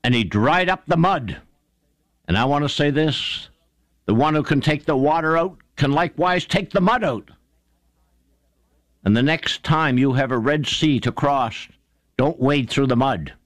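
Man, preacher, sermon, fervent storytelling, highish voice, dry close sound. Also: a little slow, long pauses, no echo. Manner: fervent storytelling preacher, swings pitch up for emphasis; addresses listeners as friends.

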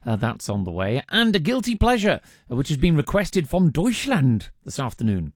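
Male radio presenter, chatty and rambling, animated pitch, dry close studio sound. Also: normal speed, no room sound. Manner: chatty, lots of ums and uhs, reads out listener texts. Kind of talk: casual radio chat. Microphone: studio microphone.

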